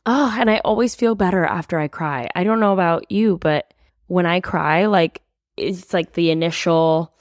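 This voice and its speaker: Speaking at a moderate pace with a fairly low pitch, a young woman hosts her own candid podcast and shares her feelings openly. Frequent "like" fillers and occasional swearing mark her confiding style. There's no echo, just clean studio sound.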